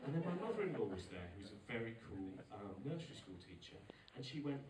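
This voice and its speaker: A man in his forties doing an animated stand-up set, exasperated storytelling with loud outbursts. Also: lowish voice, quick pace, few pauses. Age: 40s. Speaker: stand-up comedian. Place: live venue with audience. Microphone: recorded from far off by a phone camera. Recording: echoey, distant phone recording with noise.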